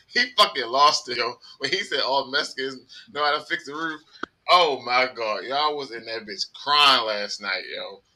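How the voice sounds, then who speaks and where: A man's voice: medium pitch, unhurried, bright, forceful tone. A man co-hosting a podcast in casual chat, bossy and profane, laughing often. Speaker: podcast co-host.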